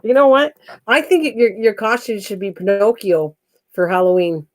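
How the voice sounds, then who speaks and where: A woman's voice: medium pitch, normal speed. A woman hosting a crafting live stream, chatting casually and teasing, laughing often.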